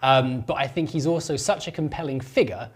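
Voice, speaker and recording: A man's voice: mid-range voice, brisk, slight background noise. A man co-hosting a gaming podcast, speaking thoughtfully and hesitantly in casual discussion. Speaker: podcast co-host.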